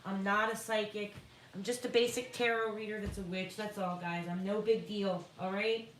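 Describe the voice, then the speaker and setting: A woman reading tarot on a live stream, reading card texts slowly and emphatically and chatting reassuringly with viewers. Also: mid-range voice, fairly even intonation, roomy sound, far from the mic, slight background noise, poor audio. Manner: reads card texts in a slow, emphatic, motivational tone. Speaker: tarot reader.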